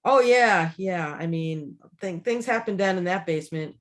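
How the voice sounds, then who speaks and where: Casual chat co-host, a woman in her 60s, animated and full of restarts. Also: on the low side, normal speed. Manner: animated, laughs often, many restarts. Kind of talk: casual chat, personal storytelling.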